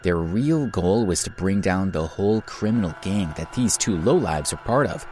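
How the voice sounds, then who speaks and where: Man, audio drama narrator, dramatic, low voice, animated. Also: normal speed, faint music behind. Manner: dramatic storytelling.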